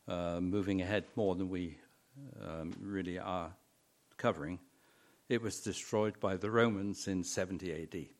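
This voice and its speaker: A middle-aged man delivers a sermon at an unhurried pace. His pitch rises and falls freely as he leans on repeated words for emphasis. Now and then a wry, dry humor slips into his storytelling. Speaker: preacher.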